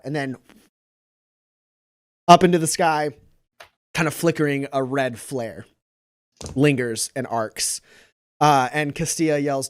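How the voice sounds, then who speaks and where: Rambling game master man, slightly high voice. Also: steady tone, slow, pauses often, smooth. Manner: rambling, many fillers and restarts. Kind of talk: narrating a tabletop game.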